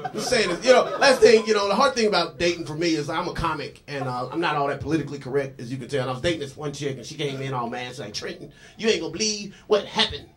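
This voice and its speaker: A man's voice: on the high side, racing, few pauses. A male comedian doing a stand-up set on a club stage, rambling loosely with many fillers, laughter behind him. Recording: loud noisy live club recording. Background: audience laughter.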